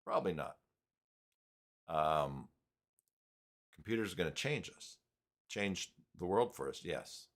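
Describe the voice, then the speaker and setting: A man's voice: deep voice, big pitch swings, slow pace, creaky, long pauses, fairly bright tone. A man hosting a casual live stream, rambling and reading chat messages aloud.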